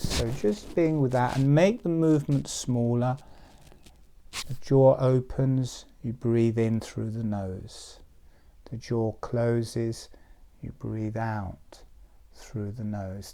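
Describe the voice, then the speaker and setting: A man guides listeners through a relaxation and breathing exercise. He speaks very slowly and calmly, with a mellow, warm tone and gentle step-by-step instructions. His voice sits at an ordinary male pitch. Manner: slow, soothing step-by-step instructions.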